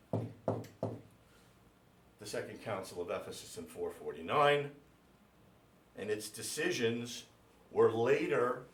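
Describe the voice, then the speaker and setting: A priest giving a classroom lecture, speaking slowly and deliberately and spelling out names letter by letter for his class. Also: fairly low pitch, a little hiss or hum. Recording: echoey room, mic at a distance.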